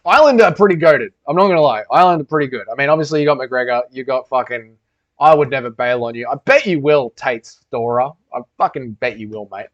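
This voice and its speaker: A man's voice: mid-range voice, animated, quick pace, a bit bright. A young man hosting a casual livestream Q&A, reading chat aloud and bantering crudely with heavy swearing. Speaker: livestream host. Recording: dull lo-fi stream audio.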